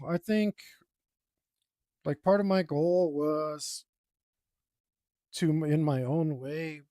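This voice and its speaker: Casual male artist vlogger, self-deprecating rambler, fairly high and mellow, dry sound. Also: no echo. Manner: rambling, self-deprecating, groans and sighs aloud. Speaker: artist streaming his drawing process. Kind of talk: casual talk while working.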